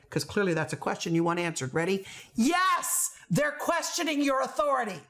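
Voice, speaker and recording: A middle-aged woman coaching teachers in a playful, animated way, often acting out the voices she quotes. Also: mid-range voice, a little fast. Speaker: teacher trainer.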